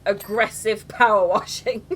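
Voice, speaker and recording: A woman streaming a game from home, giggling and breaking into loud outbursts, her throat sore from laughing. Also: mid-range voice, steady tone, a little slow, slight background noise. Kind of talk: casual live-stream chat.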